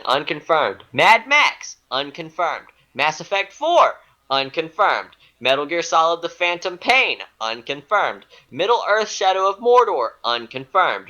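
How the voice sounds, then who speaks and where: Male co-host, bright and animated, unhurried singsong delivery, giggly. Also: fairly high pitch, rough recording. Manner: reads items in a rising-then-falling singsong, laughs often; giggly, self-mocking. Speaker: podcast co-host. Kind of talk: casual chat reading a list.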